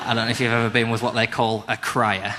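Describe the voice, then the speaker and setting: A man in his thirties with a Northern English accent, doing a self-deprecating stand-up routine with wry, quick asides. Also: medium pitch, level tone. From England. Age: 30s. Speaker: stand-up comedian. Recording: noisy live stage recording. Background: audience laughter.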